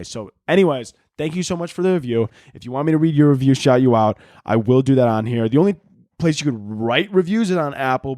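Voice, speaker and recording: A young man from the Chicago area in the United States hosts his own solo podcast, ranting crudely and jokingly with plenty of fillers. His medium-pitched voice is a little mellow, recorded in studio quality with no room sound.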